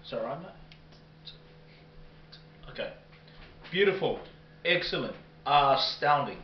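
A man's voice: fairly high pitch, expressive, slow. Young man doing a roomy mock-reporter bit. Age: young adult. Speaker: mock interviewer. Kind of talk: improvised comedy skit. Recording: roomy, distant, dull, with background hiss.

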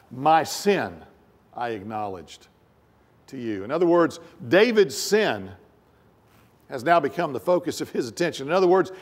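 A male pastor preaching a sermon, rising to emphatic raised phrases and dropping low and soft, often repeating words as he goes.

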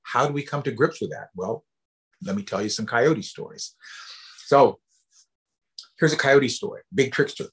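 A man from the US Pacific Northwest, a storyteller and educator, giving a playful storytelling lecture with pauses and fillers. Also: mid-range voice, a bit bright.

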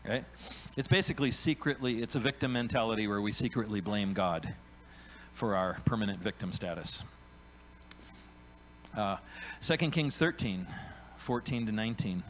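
With a lowish, slightly bright voice and lively intonation, a pastor delivers a conversational sermon full of "right?" tag questions. He acts out biblical characters in quick voiced asides. The recording is poor, carrying a little hiss or hum.

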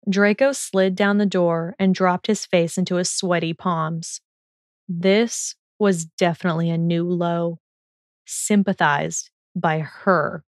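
A woman's voice: fairly low pitch, a little mellow, dry recording, clean studio sound. Woman narrating a fan fiction audiobook.

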